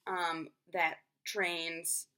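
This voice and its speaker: A woman's voice: fairly low pitch, little pitch movement, very slow, sharp tone, clear, resonant tone. A young woman explaining a topic in a casual, chatty way, full of fillers like "um" and "like". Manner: filler-heavy, frequent "like" and "um". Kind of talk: casual spoken explanation to camera.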